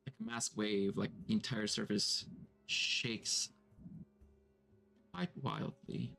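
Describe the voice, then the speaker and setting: A man's voice: on the low side, creaky, fairly bright tone. A man running a tabletop game on a stream, setting scenes in an easygoing, chatty way. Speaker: game master.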